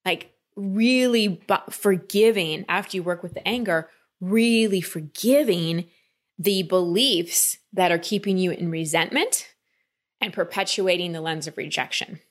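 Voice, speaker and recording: A woman coaching a client in a calm talk, often slipping into quoted inner voices. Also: fairly low pitch, a little slow. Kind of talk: coaching session.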